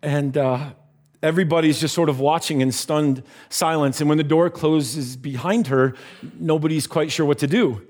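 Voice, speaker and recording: A man preaching by telling a story, animated and giving voices to the characters in it. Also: fairly high pitch, normal speed. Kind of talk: sermon storytelling.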